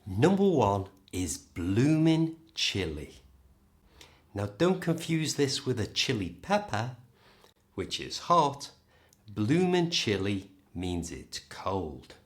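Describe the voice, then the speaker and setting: Slow-speaking British English teacher. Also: male voice, on the low side, big pitch swings. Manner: slow, clear, modelling words for the learner. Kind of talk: pronunciation lesson.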